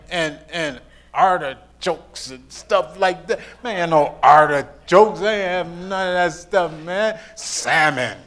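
A man's voice: high-pitched, fairly bright tone. A middle-aged man preaching a sermon, mixing scripture with joking, repetitive asides. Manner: storytelling preacher, joking asides, repeats words.

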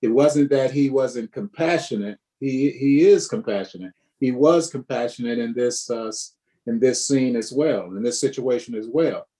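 A man's voice: mid-range voice, moderate pace, warm tone. A man leading a Bible study group, teaching and preaching with repetitions and questions to the group. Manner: preacherly, repeats himself, asks the group questions.

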